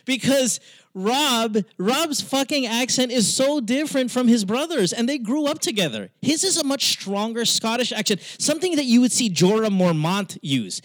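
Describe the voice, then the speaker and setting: A man's voice: very high-pitched, lively intonation, moderate pace, a bit bright, no room sound. A man with a Western, almost Americanized accent, hosting a podcast in casual, profane, argumentative chat with many stammered restarts. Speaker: podcast host.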